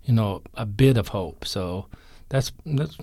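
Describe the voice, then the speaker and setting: Earnest pastor, dry studio sound. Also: male voice, lowish voice, expressive, dark tone, dry recording. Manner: plain, earnest, halting. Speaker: pastor and food bank leader. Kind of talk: casual radio interview. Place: church studio.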